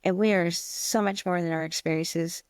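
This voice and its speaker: Brief: woman co-host, chatty storyteller, mid pitch leaning low, dry close mic. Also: normal speed, dry recording. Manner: chatty, animated storytelling with acted-out quotes. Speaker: podcast co-host, stained glass teacher. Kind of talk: casual chat.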